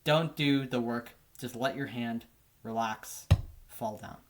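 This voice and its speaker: Relaxed man teaching drum technique. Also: mid-range voice, slow, background noise. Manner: relaxed, repeats "right?" often. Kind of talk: casual instructional explanation.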